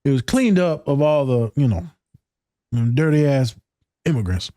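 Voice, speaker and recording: A man with a mellow, relaxed voice talks loosely and profanely, full of slang. He sounds like a counselor chatting with friends on a podcast, recorded close and dry with no room sound. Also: mid-range voice, measured pace, dry recording. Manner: casual, profane, slangy storytelling. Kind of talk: casual podcast chat.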